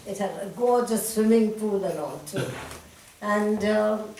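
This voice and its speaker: Older woman, animated storyteller, recorded far off in a roomy hall. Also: mid-range voice, a little slow. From India. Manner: animated storyteller, laughs often, lively retelling. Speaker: interviewee telling memories. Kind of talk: reminiscing conversation. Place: talk room at a centre. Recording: echoey room, distant mic, faint hiss.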